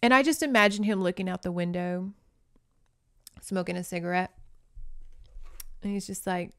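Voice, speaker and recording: A woman's voice: lowish voice, moderate pace, long pauses, fairly bright tone, smooth, no echo, clean studio sound. A woman podcast host recapping a novel in a chatty, giggly, playful way. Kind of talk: casual chat, recapping a novel.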